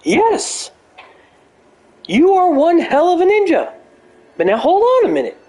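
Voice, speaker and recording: A man doing a comedic impression of an older male pundit who lectures in a strained, halting way with drawn-out "well"s. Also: extremely high pitch, wildly swooping pitch, mellow, voice pushed up, heavily acted. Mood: pedantic.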